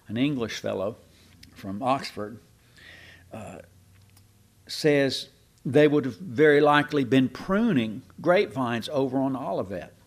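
A man teaching the Bible in a relaxed, conversational way, musing aloud and leaning hard on key words. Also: medium pitch.

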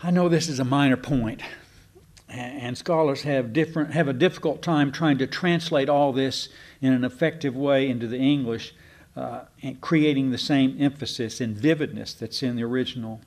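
Preacher, male, middle pitch, chatty teaching delivery, leans on words for emphasis. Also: a little mellow. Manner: folksy and digressive, slows down for emphasis. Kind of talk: conversational Bible teaching.

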